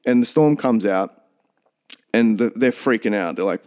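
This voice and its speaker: A man's voice: fairly low pitch, fairly even intonation, moderate pace, darkish tone. A man co-hosting a podcast, talking earnestly in a rambling, casual way with many restarts. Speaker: podcast co-host.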